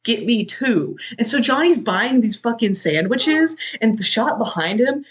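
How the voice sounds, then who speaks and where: Rich: A podcast host recounts a film scene in relaxed, chatty talk. The delivery is animated and full of fillers, with casual swearing and a mid-range pitch. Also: normal speed.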